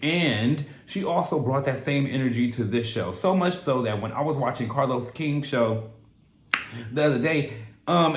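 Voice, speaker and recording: Sassy, profane young man recapping TV. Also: mid-range voice. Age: young adult. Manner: animated, profane and sassy, drawn-out words for emphasis. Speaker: reality TV recap host. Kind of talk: casual recap commentary. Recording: echoey room.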